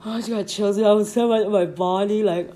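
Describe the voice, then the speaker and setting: A woman's voice: mid-range voice, a little fast, slight background noise. Slangy, sleepy young woman podcaster. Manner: slangy, animated, laughs often. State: sleepy, yawning. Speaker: podcast host. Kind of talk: casual storytime chat.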